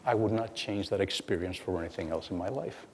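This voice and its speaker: A middle-aged man giving a lecture as guest speaker, telling stories with halting repeats and acting out bits of dialogue. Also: sits low, breathy edge. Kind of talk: lecture storytelling. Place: lecture hall. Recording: long hall reverb.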